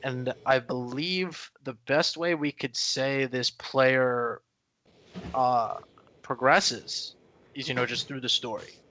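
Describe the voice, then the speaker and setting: A man's voice: medium pitch, fairly even intonation, slow, pushed and bright. A man co-hosting a podcast in casual chat, rambling with many fillers and restarts. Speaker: podcast co-host.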